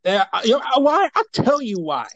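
A man's voice: sits high, huge pitch swings, normal speed, muffled recording, noisy background. A young man on a casual fantasy football podcast, emphatic and opinionated. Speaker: podcast co-host.

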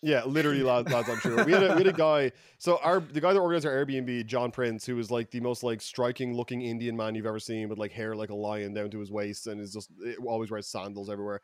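A man's voice: mid-range voice, fairly even intonation, fast, hardly any pauses, no echo, studio quality. A young man telling rambling, profane stories in a casual podcast chat, full of fillers and restarts. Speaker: podcast co-host.

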